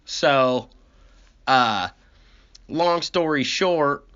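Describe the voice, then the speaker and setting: Casting note: a slow, profane rambling storyteller, a man, on a muffled lo-fi recording. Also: fairly high pitch, a bit bright. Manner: profane, ranting, complaining. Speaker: comedy podcast host. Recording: dull lo-fi recording.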